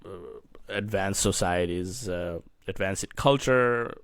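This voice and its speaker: A man co-hosting a casual political discussion podcast, halting and searching for words as he talks. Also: low voice, smooth, dry recording, clean studio sound. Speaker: podcast co-host.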